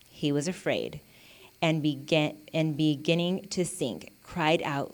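A woman's voice: deep voice, slow pace. Earnest, chatty woman teaching the Bible. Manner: conversational, full of "you know" and "like"; earnest and encouraging.

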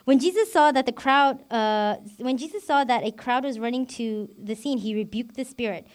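At normal speed and a little high in pitch, a woman deacon delivers a casual Bible teaching. It comes across as chatty and personal, heavy on fillers like "you know" and "like."

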